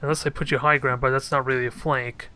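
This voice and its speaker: A man's voice: mid-range voice, little pitch movement, fast, sharp tone, soft background music. A man commenting casually on his own strategy gameplay, thinking aloud and cracking joking asides at his units. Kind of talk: casual let's play commentary.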